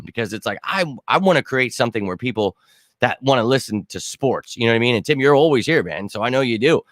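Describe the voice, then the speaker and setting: A man's voice: medium pitch, a bit bright, no room sound. A man hosting a casual sports talk livestream, ranting in an exasperated tone and talking to his chat. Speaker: host of a sports talk show.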